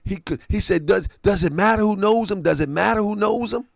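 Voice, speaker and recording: A man from the Baltimore area hosts an online talk show, his high voice gravelly and a little fast, with no echo. He casually retells a conversation and often checks that the listener is following.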